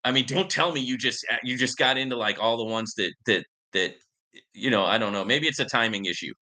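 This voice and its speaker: Bright-voiced, rambling male host. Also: medium pitch, fairly quick. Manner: rambling, many fillers, addresses viewers as guys. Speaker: crypto investment show host. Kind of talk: casual live-stream commentary.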